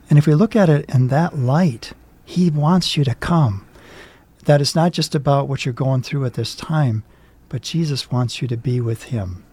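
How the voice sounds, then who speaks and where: A man's voice: medium pitch, normal speed, warm tone, husky, no room sound. A man co-hosting a talk show, speaking in an earnest, reflective way. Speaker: co-host. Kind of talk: studio talk show discussion.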